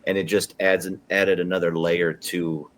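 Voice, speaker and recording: A man's voice: low voice, little pitch movement, moderate pace, a little hiss or hum. A man co-hosting a podcast, rambling casually about a film with restarts. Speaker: podcast co-host. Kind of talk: casual movie review chat.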